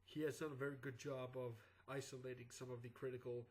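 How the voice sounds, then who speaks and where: A man's voice: mid-range voice, level tone, fast, a little mellow, poor audio. A sick man with clogged sinuses and a groggy morning voice, giving rambling casual commentary as a YouTube host. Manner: rambling, with frequent "uh" and restarts.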